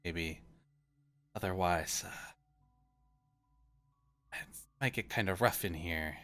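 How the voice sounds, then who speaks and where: A gruff, swaggering pirate captain who shakes travelers down for gold, voiced by a man at the game table. The voice sits low with a bright edge. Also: slow pace, exaggerated voice. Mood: demanding.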